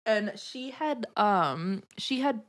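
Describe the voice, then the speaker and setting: Woman guest, mid-pitch voice, animated profane storyteller, casual podcast chat. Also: slow. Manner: animated, profane, heavy use of "like".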